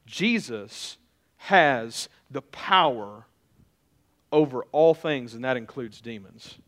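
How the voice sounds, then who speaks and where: A man's voice: mid-range voice, animated, slow, a bit bright. A middle-aged male pastor giving a conversational sermon, often repeating and restarting his phrases.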